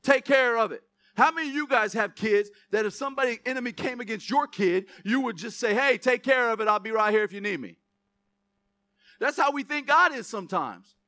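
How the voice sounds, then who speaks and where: High, bright-voiced joking pastor. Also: male voice, lively intonation, fairly quick, no echo. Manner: joking asides between loud preaching. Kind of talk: sermon.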